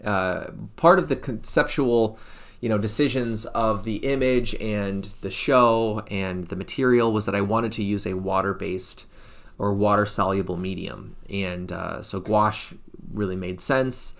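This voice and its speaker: A man with a low, gravelly voice talks through his paintings on a relaxed live stream. He muses aloud, often pausing on fillers and restarting sentences as he goes. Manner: rambling, thinks aloud with many fillers and restarts. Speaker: painter presenting his studio work. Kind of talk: casual live-stream presentation.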